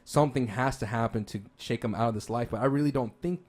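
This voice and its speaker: Rambling, excited man podcast host. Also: medium pitch, quick pace. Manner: rambling and enthusiastic, with many restarts and "like"s. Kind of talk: casual chat about games and movies.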